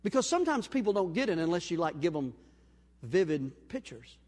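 A male pastor with a high voice, preaching and acting out a story's dialogue as he swings from loud to hushed. His sermon rings with long reverb in a church sanctuary. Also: sing-song, fairly quick.

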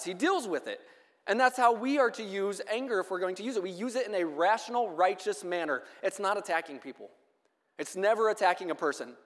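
A man with a high voice delivers a sermon, moving at a measured pace and reading scripture aloud. His words ring out with a long echo from the church hall around him. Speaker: preacher.

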